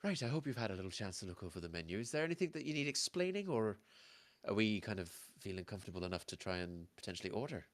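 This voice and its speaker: A man's voice: lowish voice, sing-song, racing. A man voicing a chatty, fussy waitress. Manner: polite, fussy, explains at length. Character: brisk, chatty female waitress.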